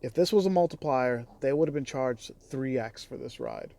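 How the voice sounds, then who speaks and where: A man's voice: mid-range voice, moderate pace, creaky, dark tone. A man who drives for a rideshare app, talking in a casual vlog with a heated, exasperated, profane delivery. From Chicago area.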